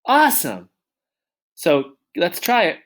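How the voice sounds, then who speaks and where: A male teacher walks young children through letter sounds, stretching each one out at an unhurried pace. His pitch swoops up and down in a lively, animated way, and he keeps encouraging them with frequent praise. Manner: slow, exaggerated sounding-out of letters and warm praise. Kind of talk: early reading lesson for children.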